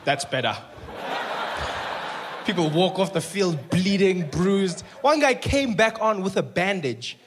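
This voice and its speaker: High-voiced South African comedian on stage. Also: male voice, slow, over music. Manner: animated, acts out characters. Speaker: stand-up comedian. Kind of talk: stand-up comedy. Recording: live show with clear noise.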